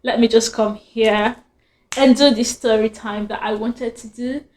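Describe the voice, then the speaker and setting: Woman, young adult, chatty, giggly, rambling storytime vlog, fairly high voice. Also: steady tone, measured pace, a little mellow. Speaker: vlogger.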